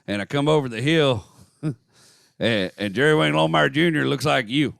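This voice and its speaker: A man's voice: medium pitch, moderate pace, vocal fry, fairly bright tone, no room sound, studio quality. A man in his forties, a podcast co-host telling a long story in casual chat, laughing as he talks. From Texas.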